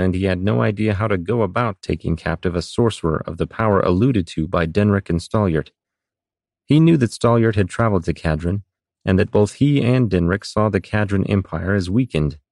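Deep-voiced male audiobook narrator. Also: dry recording, studio quality. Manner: steady, even storytelling delivery.

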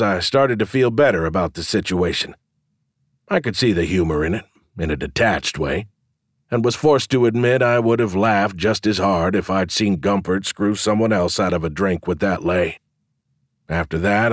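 A man with a low, gruff voice narrating a first-person fantasy audiobook. He tells the story in a wry, dry-humored way. The recording is dry and close, with no room sound. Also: no room sound.

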